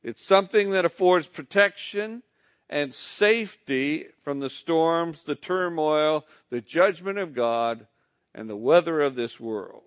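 Male pastor preaching real slow and deliberate, kinda high voice. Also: lively intonation. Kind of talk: sermon.

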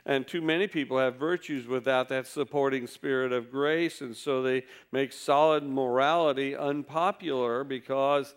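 A man preaching a sermon, telling folksy stories with wry humor. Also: mid-range voice.

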